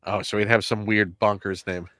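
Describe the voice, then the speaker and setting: A man's voice: fairly low pitch, little pitch movement, normal speed, bright, forceful tone, no room sound. A man with a General American accent hosting a casual chat in a wry, playfully teasing way. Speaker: host.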